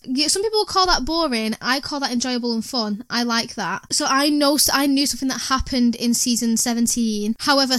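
Excitable woman podcast host, quick and high-pitched, casual and sweary. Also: no echo, clean studio sound. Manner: excitable, swears freely, bursts into squeals.

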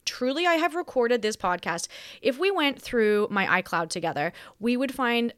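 Speaking from home on her podcast, this woman from Australia delivers a meandering, theatrical monologue that pokes fun at herself, with an accent wandering between Australian and American. She sounds fairly high and animated at a normal speed, a touch bright and smooth. Captured on a studio mic, the audio has studio quality and no room sound.

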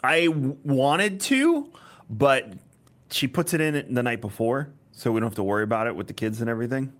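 A man's voice: medium pitch, normal speed. A man co-hosting a podcast, chatting casually and rambling through stories. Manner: relaxed, rambling storyteller. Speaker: podcast co-host. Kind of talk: casual chat.

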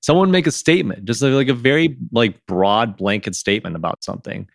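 A man hosting a podcast in casual conversation, who reenacts his own past lines in a livelier, higher voice. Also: a little fast, gravelly, no echo, clean studio sound. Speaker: podcast host.

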